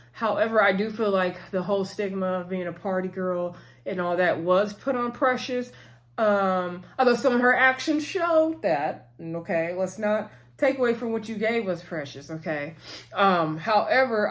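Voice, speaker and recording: A woman hosting her own channel, giving a chatty, opinionated recap of a reality show with frequent asides to her viewers. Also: medium pitch. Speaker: channel host. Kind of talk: casual reality-TV recap commentary.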